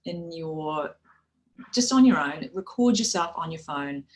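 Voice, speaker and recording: Woman, New Zealand accent, low voice, speaking coach, friendly, practical, restarts phrases. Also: lively intonation, measured pace, darkish tone, low-quality recording. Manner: friendly, practical, with frequent restarts and "you know". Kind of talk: instructional talk on public speaking.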